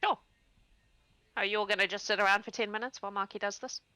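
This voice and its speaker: A woman's voice: mid-range voice, fairly even intonation, quick pace, pushed and bright, a little hiss or hum. A woman running a tabletop game as game master, chatty and laughing, sometimes searching for words.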